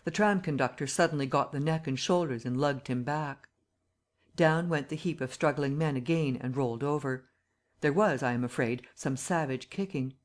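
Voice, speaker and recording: An audiobook narrator giving a steady, even reading of a classic novel. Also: mid-range voice, normal speed.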